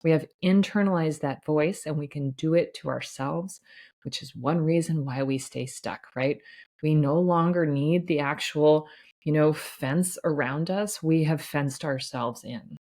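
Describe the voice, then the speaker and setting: A woman's voice: low voice, a little slow, warm tone. A woman hosting a solo podcast as a life coach, talking in an earnest, reassuring way with frequent "right?" asides.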